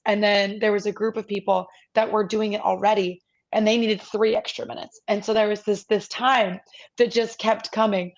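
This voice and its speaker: A woman co-hosting a podcast, telling an animated story in casual chat and acting out what other people said. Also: medium pitch, moderate pace, poor audio. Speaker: podcast co-host.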